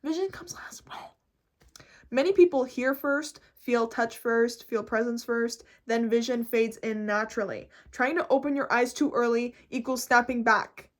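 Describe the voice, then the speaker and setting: A woman vlogger chatting casually and reading notes aloud, excitable and profane, laughing easily. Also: on the high side, normal speed, few pauses. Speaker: vlogger explaining reality shifting.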